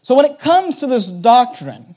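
A man's voice: extremely high pitch, very animated, moderate pace, warm tone. A male pastor preaching a sermon, emphatic and repetitive, pressing his points home.

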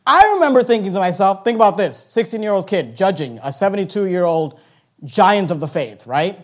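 A man in his thirties preaching a sermon as a pastor, swinging between forceful scripture reading and quiet asides. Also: high-pitched, lively intonation, fairly quick. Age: 30s.

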